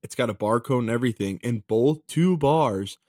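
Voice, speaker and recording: A man's voice: mid-range voice, expressive, moderate pace, darkish tone, no echo, clean studio sound. A man in his twenties co-hosting a podcast, laid-back and casual, swearing freely and often saying dude. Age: 20s. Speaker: podcast co-host. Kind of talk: casual chat.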